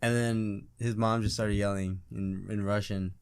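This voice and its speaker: A man's voice: fairly low pitch, flat delivery, a little slow, a little mellow, clean tone. A young man co-hosting a podcast, joking around and telling a casual story. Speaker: podcast co-host.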